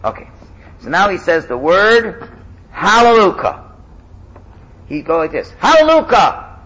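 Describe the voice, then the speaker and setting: Guy teaching a class, animated, kinda high voice, gravelly, muffled audio. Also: moderate pace. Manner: lively, animated, chants loudly when demonstrating. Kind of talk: casual Torah class.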